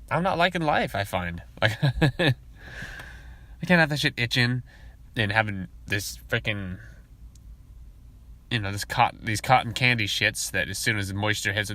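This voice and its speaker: A man hosting a podcast, talking in a casual, rambling monologue full of profanity, and sometimes mimicking coworkers in high voices. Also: sharp tone, dry recording. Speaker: podcast host.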